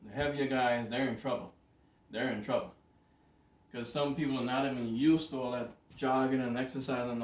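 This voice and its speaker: A man telling a story in a casual, animated way to a camera, repeating words for emphasis. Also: mid-range voice. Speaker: vlogger. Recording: roomy, distant from mic.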